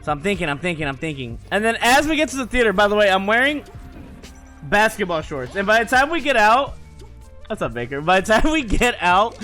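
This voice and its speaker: A young man spins a casual story in a high, bright voice that swings widely up and down. He talks in an animated, profane way and often breaks into laughter. Faint music plays behind him. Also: fairly quick. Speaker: gamer telling stories.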